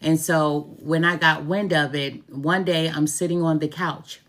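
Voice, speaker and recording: A woman's voice: low voice, steady tone, measured pace, fairly bright tone. A middle-aged woman, a tarot reader and root worker, talking casually to camera, chatty and heartfelt, repeating her phrases for emphasis. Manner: heartfelt, openly grateful.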